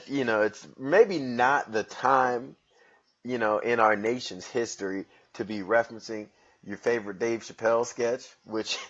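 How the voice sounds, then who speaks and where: A man at a mid-range pitch spins a casual story on his podcast, swearing freely and poking fun at himself. The audio sounds dull and lo-fi, like a cheap podcast recording. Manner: profane, wry and self-mocking. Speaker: podcast host.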